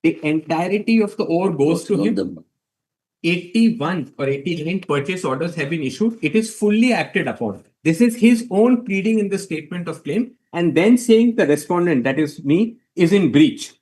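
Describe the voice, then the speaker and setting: A man pleads his case in a formal courtroom argument. He is deferential and methodical, addressing the judges as my lord. His voice sits somewhat high. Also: expressive, moderate pace, darkish tone. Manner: deferential, addresses the bench as my lord, numbered points. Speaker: advocate arguing before a court.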